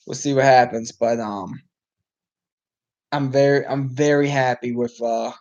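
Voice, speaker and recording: Hosting casual commentary on a live game, this man has a mid-range, darkish voice, captured in dull audio. He meanders with restarts and frequent ums while reacting to the play. His voice is clearly giving out.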